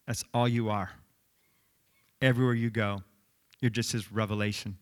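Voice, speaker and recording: A middle-aged man preaching a sermon, telling stories in an animated, conversational way. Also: on the low side, moderate pace. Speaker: pastor.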